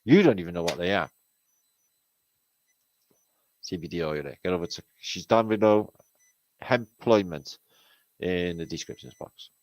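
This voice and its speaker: A man's voice: deep voice, animated, normal speed, a little mellow, no room sound, poor audio. Swearing British man hosting a livestream. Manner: rambling, swears freely, slangy and chummy. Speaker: livestream host. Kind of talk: casual livestream chat, reading out viewer comments. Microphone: streaming setup mic.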